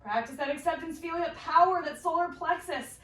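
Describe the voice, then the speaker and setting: A woman's voice: very high-pitched, a little fast, fairly bright tone. A woman teaching a guided yoga class, calling out poses and breaths with encouraging cues while practicing along and a little out of breath. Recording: roomy echo, voice from a distance.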